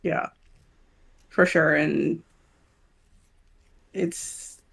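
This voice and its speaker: A podcast co-host with a low, steady, husky voice and vocal fry chats casually. She's talkative, quick to laugh, and hesitant, saying "um" often.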